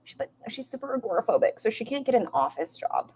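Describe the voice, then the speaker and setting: A woman's voice: a little high, sing-song, quick pace, a little mellow, slightly rough. A woman doing casual, sarcastic live-stream commentary, swearing freely and talking to her chat. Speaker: reaction streamer.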